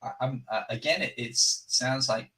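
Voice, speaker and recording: A man hosts a casual software demo and talks with rambling enthusiasm, restarting his sentences along the way. His voice sits at a middle pitch. The mic is some distance from him, so he sounds slightly remote. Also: moderate pace, over a noisy crowd. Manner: enthusiastic, rambling and self-correcting. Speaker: product presenter and company host. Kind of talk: live product demo chat.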